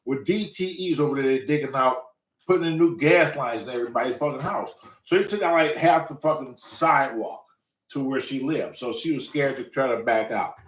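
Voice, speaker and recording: A man's voice: mid-range voice, fairly quick, far from the mic. A man hosting his own show, telling a long story in a casual monologue and swearing constantly as he rants. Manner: profane, ranting, animated storyteller. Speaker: show host. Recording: roomy, away from the mic.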